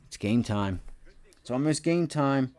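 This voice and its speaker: A man's voice: lively intonation, a little slow, no echo, faint music behind. Slangy, boastful male trading streamer. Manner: boastful, slangy, talks straight to viewers; swings between loud bursts and low mutters. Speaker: day-trading livestream host. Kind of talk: live stock market commentary.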